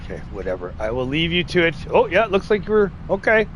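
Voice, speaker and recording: A chatty man runs a live farming-game stream, greeting viewers and teasing his in-game workers with a laugh. His voice sits a little high for a man. A faint noise hums underneath the recording. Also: huge pitch swings, a little fast, fairly bright tone, dull audio. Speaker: livestream host. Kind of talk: casual live gameplay chat.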